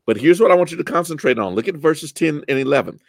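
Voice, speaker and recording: A man leading a church Bible study, animated and lively, often rising in pitch and restarting his sentences. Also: fast talker, creaky, no room sound.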